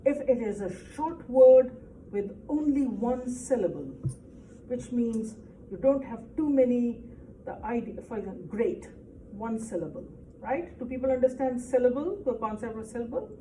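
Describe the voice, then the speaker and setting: Patiently explaining English grammar to a class, this teacher speaks at a moderate pace in a mellow, highish voice, frequently asking "right?". The audio is echoey and faintly noisy, recorded from a distance.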